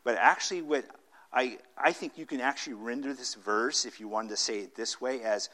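A man's voice: mid-range voice, normal speed, sharp tone. A man preaching a sermon as pastor, explaining scripture verse by verse, often restarting phrases and rising sharply when he reads quotations aloud. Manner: emphatic preaching, dramatic rises when quoting scripture; frequent restarts and fillers while explaining.

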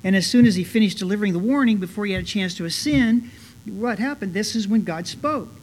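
A pastor delivers a Bible teaching in a loose, conversational way, filling pauses with small asides and restarting his sentences. He grows earnest and lifts his voice whenever he drives a point home. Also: high-pitched. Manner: conversational, many "you know" fillers and restarts; earnest, rising with emphasis. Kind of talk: expository sermon.

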